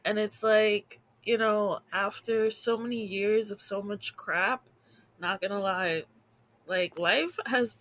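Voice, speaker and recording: Slow-talking woman in her thirties. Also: mid-range voice, slight background noise. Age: 30s. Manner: relaxed, upbeat, many fillers and laughs. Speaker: podcast co-host. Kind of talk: casual chat.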